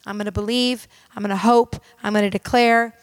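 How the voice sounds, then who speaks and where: A woman's voice: mid-range voice, steady tone, a little fast, no room sound. A woman minister preaching a sermon in an emphatic, direct and conversational way, talking straight to her audience.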